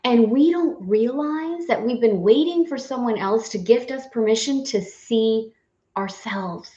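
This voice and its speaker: Slightly high yet dark in tone, this woman speaks unhurriedly on a reverberant, lo-fi recording. She's a spiritual course guide hosting a live affirmation session, laughing often and playfully effusive while leading breathing and affirmations.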